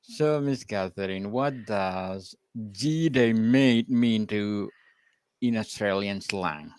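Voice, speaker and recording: A man hosting a podcast interview, asking questions in halting, non-native English. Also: fairly low pitch, a little mellow, clean tone, no room sound. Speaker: podcast host.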